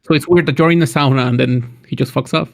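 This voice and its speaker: A man's voice: medium pitch, quick pace, vocal fry. A man from Mexico co-hosting a casual podcast chat, joking and acting out quoted lines as he tells stories. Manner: animated, jokey storytelling with acted-out quotes. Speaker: podcast co-host.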